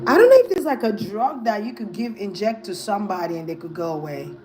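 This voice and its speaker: A woman's voice: medium pitch, expressive, quick pace, over loud music, rough recording. A woman giving a casual tarot reading, thinking aloud in a hesitant, musing way. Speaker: tarot reader.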